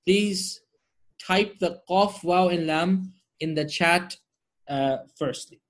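A man's voice: high voice, slow. A man teaching Arabic grammar online, drilling word forms and checking in with his students often.

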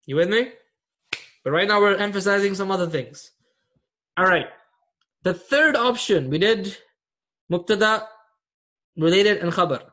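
A man with a high voice teaches an online grammar class. He speaks patiently, repeats key terms and often checks that his students follow. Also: fairly bright tone.

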